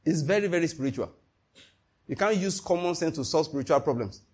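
Man, preacher, husky voice, animated sermon delivery, fairly high pitch. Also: a little fast. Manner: animated and emphatic, full of rhetorical questions.

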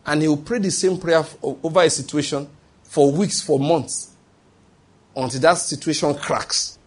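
A man preaches a sermon at normal speed in a husky voice that runs high, with fairly even intonation. He delivers his words emphatically and habitually asks the congregation something before answering it himself.

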